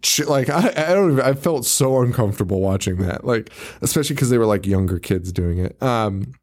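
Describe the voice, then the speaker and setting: A man's voice: mid-range voice, expressive, brisk, darkish tone. A man co-hosting a podcast, casually recapping a movie in a rambling way, swearing freely, laughing often and mimicking characters. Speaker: podcast co-host.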